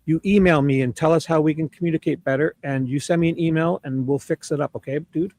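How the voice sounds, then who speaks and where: Man, upbeat co-host, fairly high voice, dry close sound, friendly and repetitive. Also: fairly even intonation, quick pace, darkish tone, no echo. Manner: friendly, repeats words, laughs often. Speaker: livestream co-host. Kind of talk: casual chat.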